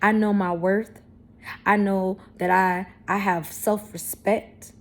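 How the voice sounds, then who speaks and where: Speaking slowly to camera in a medium-pitched, flat voice, a vlogger in her thirties is candid, blunt and profane. She leans into emphatic, self-affirming spiritual talk.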